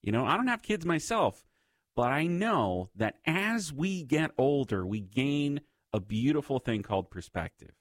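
Lively, expressive male radio host. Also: mid-range voice, a little slow, dry recording. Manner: conversational and reflective, speaking to listeners. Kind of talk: faith-based radio talk segment.

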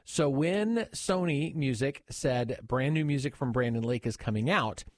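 A man's voice: medium pitch, unhurried, no room sound. A man hosting a radio show in a studio, chatting playfully with his co-host. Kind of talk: casual radio banter. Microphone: studio microphone.

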